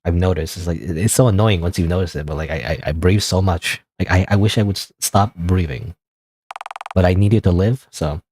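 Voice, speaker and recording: A man's voice: deep voice, brisk, a little mellow, no echo. A male streamer rambling through casual gameplay commentary, full of fillers and a bit out of breath.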